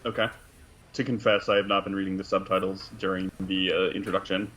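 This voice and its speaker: A man's voice: sits low, level tone, fast, a bit bright, low-quality recording. Dry-humored man from Arkansas. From Arkansas, USA. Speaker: co-host of a reaction show. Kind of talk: casual chat.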